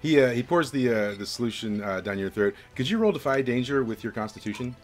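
A man's voice: mid-range voice, expressive, fast, faint music behind. A young man narrating as game master of a tabletop game, rambling with lots of fillers.

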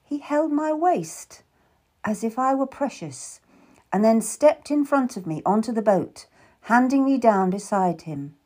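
A woman narrating a historical novel in the first person, with measured, intimate storytelling. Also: on the high side, expressive, dark tone. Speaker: audiobook narrator.

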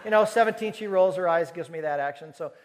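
A man preaching to a live audience, telling a story with lively acted-out dialogue. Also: high voice, fast, a little hiss or hum. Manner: animated storyteller who acts out dialogue. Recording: long reverb of a large hall.

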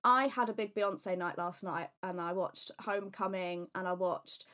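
A woman's voice: lowish voice, normal speed, fairly bright tone. A woman co-hosting a casual podcast, chatty and rambling, gushing about her interests. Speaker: podcast co-host. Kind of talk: casual chat.

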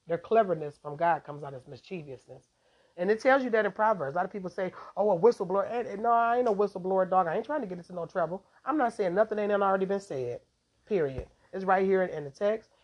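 A woman's voice: fairly low pitch, darkish tone. Chatty woman giving a devotional talk. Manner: chatty, rambling, laughs often. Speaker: podcast host giving devotional teaching. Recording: dull lo-fi recording.

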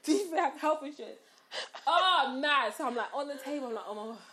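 Chatting casually, a young woman tells an animated story at a fast clip, her slightly high voice carrying a sharp tone. She laughs as she goes and performs her quotes with dramatic swings in her voice.

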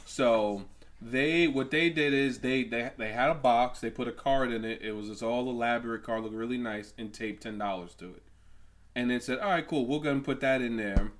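A man's voice: medium pitch, normal speed, slight background noise. A man in casual chat, telling a rambling, profane story with lots of fillers.

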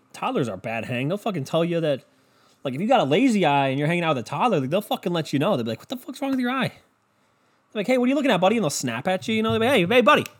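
A man's voice: medium pitch, slightly rough. A man talking casually and alone, rambling and swearing, often trailing off into a mumble. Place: home room with a barking dog.

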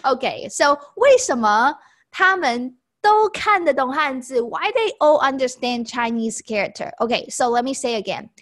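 A woman teaching a lesson in a patient, chatty way, repeating each phrase and explaining it slowly. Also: high-pitched, lively intonation, a bit bright. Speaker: language teacher.

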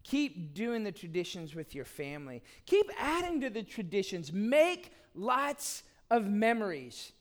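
A middle-aged man preaching a sermon, telling family stories in an animated, playful way. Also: sits high, measured pace, hardly any pauses. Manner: animated storytelling, acts out scenes. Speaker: pastor.

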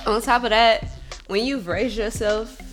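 A woman who works as a bartender, telling a story in a blunt, profane, animated way, swinging between loud venting and calm reflection. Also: fairly high pitch, a little slow, soft background music. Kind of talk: casual storytelling monologue.

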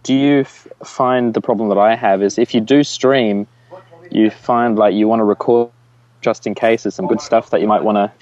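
A man's voice: on the low side, steady tone, moderate pace, darkish tone, dull audio. A man co-hosting a podcast, rambling through questions with offhand asides. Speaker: podcast co-host. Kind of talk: casual podcast chat.

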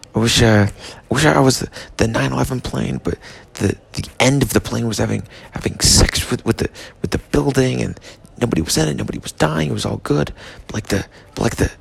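A man's voice: mid-range voice, normal speed, vocal fry, breathy edge. A drunk, stoned man rambling through a comedy monologue, slurred and swearing. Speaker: comedic vlogger.

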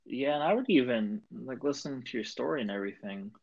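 A man hosting a podcast interview, reflecting back and summarizing in a measured way. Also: mid-range voice, animated, gravelly, slightly rough. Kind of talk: interview questions. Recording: dull, dry lo-fi audio.

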